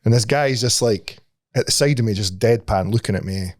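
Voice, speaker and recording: A man's voice: on the low side, a little fast, dry recording, studio quality. A middle-aged Scottish man co-hosting a podcast, telling stories in casual chat with frequent swearing and laughter. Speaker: podcast co-host.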